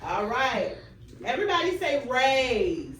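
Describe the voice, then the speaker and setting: Slow-spoken teacher woman, echoey classroom. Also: sits high, sing-song. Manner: clear, drawn-out prompts with quick praise. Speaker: student teacher. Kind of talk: leading a class phonics drill. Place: classroom full of children. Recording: echoey, distant classroom recording with background noise.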